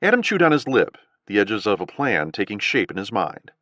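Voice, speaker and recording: Low-voiced man narrating expressively. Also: sing-song, moderate pace, bright, forceful tone, dry recording. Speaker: audiobook narrator. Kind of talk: scripted narration.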